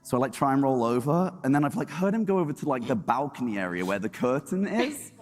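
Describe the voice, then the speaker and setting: A man on a convention panel telling a story in an excitable way, laughing and acting out the scene. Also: mid-range voice, fast, big-room sound, soft background music. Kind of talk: animated storytelling on a convention stage. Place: large convention hall panel.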